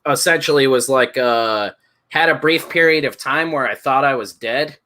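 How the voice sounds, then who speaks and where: A man's voice: medium pitch, normal speed, pushed and bright, a little hiss or hum. A man in his thirties chatting casually as a podcast co-host, telling rambling, profane stories and laughing as he talks. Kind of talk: casual chat.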